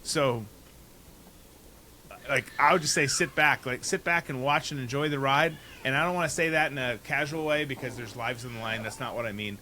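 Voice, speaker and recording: A man's voice: mid-range voice, moderate pace, pushed and bright, slight background noise. A man co-hosting a political podcast, speaking cautiously with stammered restarts. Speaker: podcast co-host. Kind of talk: casual political chat.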